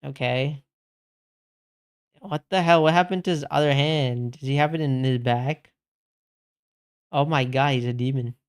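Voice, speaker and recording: A man's voice: medium pitch, a little slow, long pauses, smooth. A young man streaming games, chatting casually with his chat and reading messages aloud, laid-back and saying "bro" a lot. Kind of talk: casual live-stream chat while gaming.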